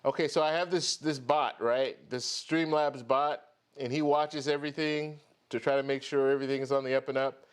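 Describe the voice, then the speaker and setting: Guy running a live chat stream, easygoing, shouting out people in the chat. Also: mid-range voice, steady tone, normal speed, clear, resonant tone. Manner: chatty, greets viewers by name. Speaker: host of a travel credit card channel.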